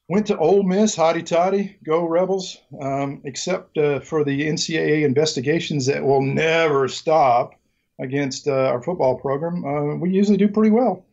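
A man's voice: on the high side, normal speed, a little mellow, muffled recording. Southern-accented man telling long stories. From Mississippi, US. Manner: rambling, lots of ums and restarts, jokey. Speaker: guest. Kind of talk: casual interview storytelling.

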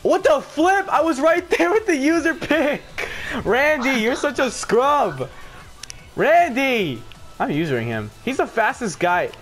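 A young man narrates his own football game in a high, wildly swinging voice. He mutters low, then bursts into shouts and laughter. Game music plays faintly underneath. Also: very animated, unhurried. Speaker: gaming video host. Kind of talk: excited gameplay commentary.

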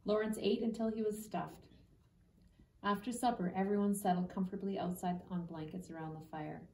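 A woman reading a children's book aloud at a steady storybook pace. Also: medium pitch, moderate pace, slight background noise. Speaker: reader. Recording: echoey room, distant mic.

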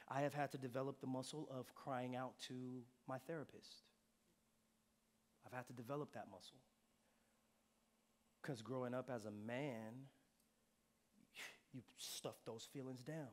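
A young adult man preaching a sermon to a young adult congregation in a church, informal and humorous, swinging from loud shouts to hushed whispers. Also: medium pitch, unhurried, long pauses. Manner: informal and humorous, slipping into playful voices. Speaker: pastor.

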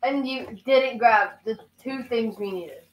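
A woman's voice: on the high side, unhurried. A woman in a casual family chat, chiming in with short agreeing remarks. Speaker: family member on a cooking channel. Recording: echoey, distant mic.

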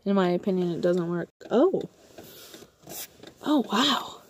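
Excitable swearing woman live-streaming from a car. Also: on the low side, slow, slight background noise. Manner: excitable, jokey, swears, laughs often. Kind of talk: casual live-stream chat. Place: inside a parked car at night, in the rain. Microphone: phone held in hand.

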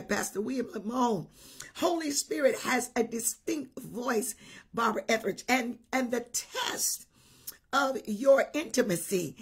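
A woman preaching a livestream sermon with a very husky, breathy voice that sits a little high. She repeats her points with emphasis, tosses in hallelujahs and calls out viewers by name. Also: a bit bright. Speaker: bishop preaching.

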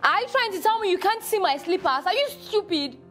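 A woman's voice: a little high, expressive, normal speed, faint music behind, lightly acted. A woman playing a bossy scolding madam. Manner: scolding, insulting, shouting orders. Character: bossy young wife, scornful madam of the house.

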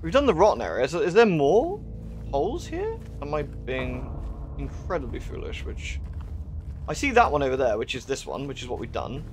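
A man streaming a game live, thinking out loud in a casual, puzzled way. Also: fairly high pitch, wildly swooping pitch, normal speed, a little hiss or hum. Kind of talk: casual live gameplay commentary.

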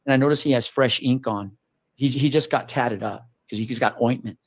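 A man recounting a chilling call from his police days, talking in a loose, animated way with plenty of swearing. He acts out the voices of the people involved. His voice sits at a middle pitch, and the recording is dry and close with no room sound. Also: a little fast, no echo. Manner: animated, swearing, acts out quotes with gasps and whispers. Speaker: former police officer telling a story. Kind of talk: casual storytelling.

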